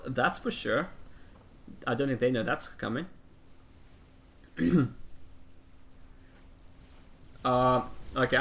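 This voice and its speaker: A man giving casual play-by-play commentary on a strategy game, chatty and rambling with plenty of ums, and quick to poke fun at himself. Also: mid-range voice, a bit bright, slight background noise. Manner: self-mocking humor. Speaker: game caster.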